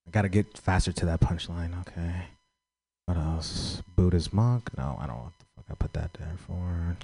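A man with a fairly low voice works through an open-mic stand-up set in a small venue. He swears freely, mocks himself and asks the crowd for critique. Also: normal speed, creaky, dark tone, husky. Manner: profane, self-mocking, asks the crowd for critique. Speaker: stand-up comedian.

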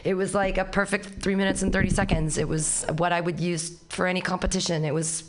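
A woman's voice: fairly low pitch, flat delivery, fairly quick. A woman hosting a comedy show, loose and enthusiastic, casually swearing between acts. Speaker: open mic host.

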